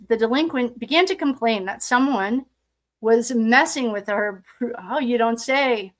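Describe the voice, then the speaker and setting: A woman with a slightly high voice reads through official records aloud in a casual, thinking-aloud way. She keeps stopping to toss in sarcastic remarks of her own. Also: expressive, moderate pace. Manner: sarcastic asides, thinking aloud while reading. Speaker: true crime commentator. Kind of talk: casual commentary reading documents aloud.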